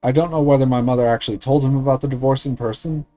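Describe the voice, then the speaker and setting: A man streamer reading a visual novel aloud in a steady, earnest way with small slips. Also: medium pitch, fast, no room sound, rough recording.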